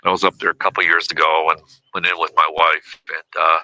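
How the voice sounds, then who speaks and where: Deep, forceful man telling his story. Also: level tone, a little fast, no room sound, rough recording. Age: 50s. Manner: rambling, heavy with "you know" and "uh". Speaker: podcast guest. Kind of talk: casual interview storytelling.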